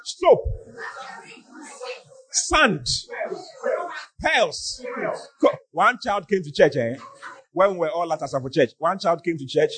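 A man preaching a sermon as pastor, often mimicking his congregants in an animated way. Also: on the high side, slow, long pauses, slight background noise.

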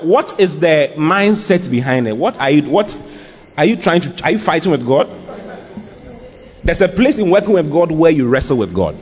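A man preaching an animated sermon, laughing, mimicking voices and breaking into shouts. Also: high-pitched, moderate pace. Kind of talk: lively sermon. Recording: dull lo-fi recording.

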